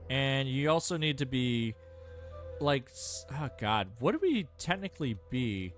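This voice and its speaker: A man's voice: mid-range voice, sing-song, unhurried, faint music behind. Rambling man narrating his gameplay. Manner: rambling, self-mocking, thinks aloud with many fillers. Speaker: gameplay streamer. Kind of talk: casual gameplay commentary.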